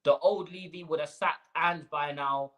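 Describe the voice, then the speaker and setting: A man's voice: fairly high pitch, steady tone, measured pace, a bit bright, poor audio. A man hosting a live fan stream, ranting with rhetorical questions and slang. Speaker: fan channel host.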